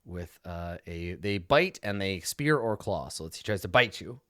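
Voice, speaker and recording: Game master guy, lively swoopy voice, bright tone, dry close sound. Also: low voice, normal speed, no room sound. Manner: animated, laughing, many fillers. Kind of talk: narrating a tabletop game.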